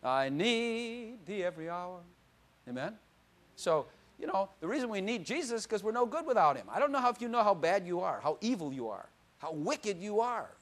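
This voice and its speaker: Fairly quick and high-pitched, an older man delivers a sermon with plenty of animation, veering from loud exclamations into quiet asides and laughing often.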